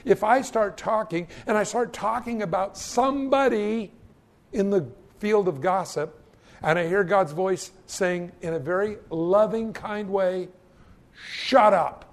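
A man's voice: high-pitched, unhurried. A male pastor preaching a sermon, telling stories with self-mocking humor and stammered restarts.

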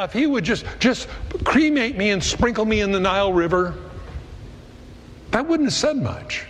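A man's voice: high-pitched, fairly bright tone. A middle-aged man preaching a sermon in a conversational, storytelling way. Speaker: pastor. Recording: long hall reverb.

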